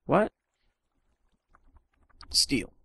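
A man co-hosting a casual gaming session, playful and animated, with bursts of yelling. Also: very slow, no echo. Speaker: let's play co-host.

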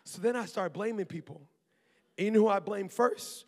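A man preaching a sermon as pastor, lively and talkative, with asides to the congregation and laughter. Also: high voice, normal speed, big-room sound. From Maryland. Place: church auditorium.

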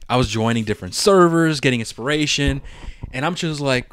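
Animated, laughing young man telling stories. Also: mid-range voice, brisk, clear, resonant tone. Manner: animated storyteller, laughs often, swears a lot. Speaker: podcast co-host. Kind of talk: casual chat.

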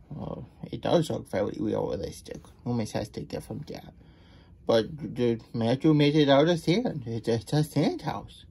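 A man's voice: medium pitch, animated, a little slow, vocal fry, dark tone, breathy edge. A man reading a children's picture book aloud for nap time, stopping for chatty asides about himself in the third person. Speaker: children's story reader.

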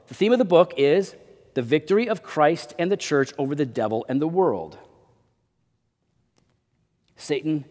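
A man preaching a sermon as pastor, with dynamic delivery that swings between loud emphasis and quiet low drops. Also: in a large hall. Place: church sanctuary.

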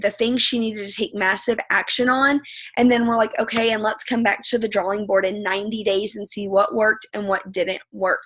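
A woman leading her team on a video call, talking in an emphatic motivational way with lots of "like" and "right", her voice going hoarse from allergies. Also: medium pitch, fairly bright tone. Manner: emphatic, repeats phrases, says "like" and "right" often. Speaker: team leader.

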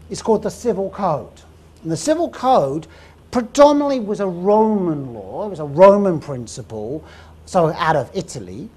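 A woman's voice: lowish voice, husky. A woman giving a live lecture, telling history as a story and quizzing the audience. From England. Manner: lively storytelling, asks the audience questions. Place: lecture room.

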